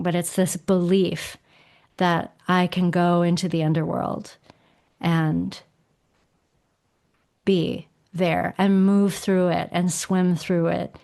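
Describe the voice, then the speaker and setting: Woman, middle-aged, slightly low pitch, casual podcast guest, animated explaining, acts out quotes. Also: unhurried, creaky.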